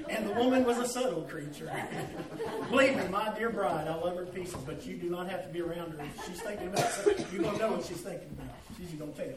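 A man's voice: sits high, fast, few pauses, far from the mic, over a noisy crowd. A man preaching, telling a folksy, humorous story and calling on listeners by name. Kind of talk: storytelling sermon. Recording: echoey room, voice off-mic.

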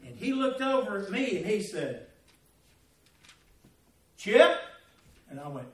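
This middle-aged Southern pastor tells a personal story from the pulpit, folksy and chuckling along the way. His high-pitched voice has big swings and runs a little fast, heard through an echoey, distant recording.

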